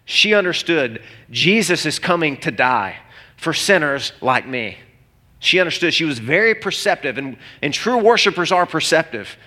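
A man's voice: on the high side, sing-song, moderate pace, pushed and bright. A man preaching a sermon in an earnest, emphatic way, asking the listeners questions as he goes. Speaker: pastor.

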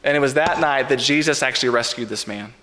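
A man preaching a sermon as pastor, earnest and measured, with repeated refrains. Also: mid-range voice, sharp tone. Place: church sanctuary. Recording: reverberant church sanctuary.

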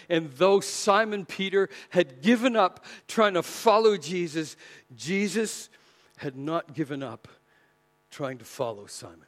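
A man preaching a sermon with passion, swinging between loud emphasis and near-whispered lines. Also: sits high, measured pace.

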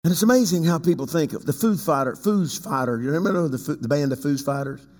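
A pastor delivers a sermon at a fast pace, swinging between loud, high passages and quiet, low asides. He calls on members of the congregation by name, and the recording carries a long hall reverb.

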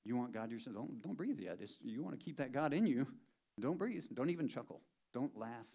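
A man's voice: medium pitch, animated, fairly quick, gravelly, mellow. A man preaching a sermon as a pastor in a church, conversational and playful, driving points home by repeating them. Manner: conversational and playful, with emphatic repetition.

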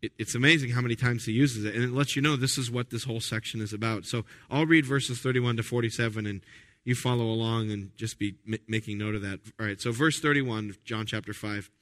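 A man preaching a sermon as pastor, emphatic and animated, with frequent restarts. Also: mid-range voice, fast talker. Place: church sanctuary. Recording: reverberant church hall.

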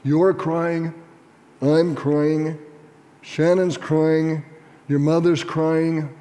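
A man reading the part of a grieving middle-aged father who speaks quietly and stammers over his words, in a reverberant room. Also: fairly high pitch, little pitch movement. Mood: quiet grief. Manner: halting, repeats his words. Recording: reverberant hall.

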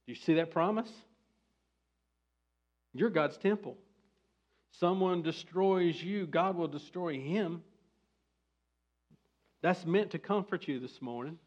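High-voiced preaching man, lo-fi. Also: takes it slowly, pauses often, a little mellow. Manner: preaching, rising to emphatic bursts. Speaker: pastor. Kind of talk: sermon.

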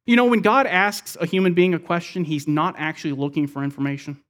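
A man with a fairly high voice delivers an expository sermon. He explains each verse step by step and lets his voice sink to a hush at the end of his points. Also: a little fast, few pauses. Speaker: pastor.

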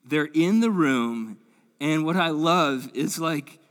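A man's voice: a little high, expressive, slow pace, a bit bright. A male pastor teaching the Bible in an enthusiastic, conversational way, often saying "man" and "like". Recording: long hall reverb.

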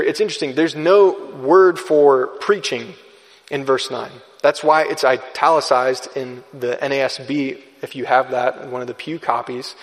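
Man preaching in a reverberant church. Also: a little high. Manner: earnest, measured preaching with restarts. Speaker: pastor. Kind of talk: sermon. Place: church sanctuary.

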